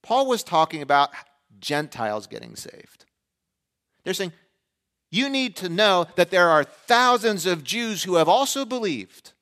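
A man's voice: sits high, big pitch swings, unhurried, a bit bright. A middle-aged man from Pennsylvania preaching a sermon in a conversational way, with sarcastic asides and quoted voices acted out. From Pennsylvania, USA. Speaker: pastor.

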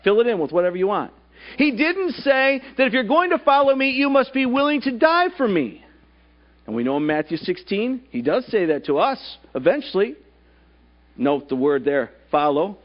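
A man's voice: sits high, very animated, moderate pace, lo-fi sound. A male pastor preaching a sermon at a church service, putting rhetorical questions to the congregation.

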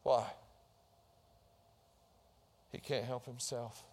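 A man's voice: mid-range voice, a little slow, big-room sound. A male pastor preaching a sermon, retelling Bible stories and acting out the voices in them. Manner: storytelling preacher acting out biblical scenes with rising intensity.

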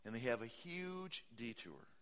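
Animated male preacher in a reverberant hall. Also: mid-range voice, unhurried. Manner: animated preaching, swinging from loud to hushed; reads scripture aloud and stops to comment. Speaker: pastor. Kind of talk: sermon.

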